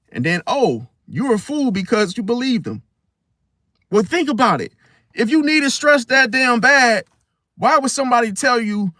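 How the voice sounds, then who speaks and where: A man's voice: sits high, bright, forceful tone, dry recording, clean studio sound. A man ranting bluntly in a casual monologue as host, swearing and acting out quoted voices. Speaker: astrology channel host.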